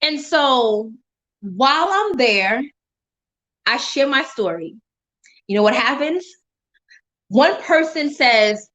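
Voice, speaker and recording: Woman, high voice, live-stream motivational speaker, animated preacher-style testimony. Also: takes it slowly, long pauses, muffled recording. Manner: animated, preacher-like emphasis, laughs often. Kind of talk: personal faith testimony to viewers.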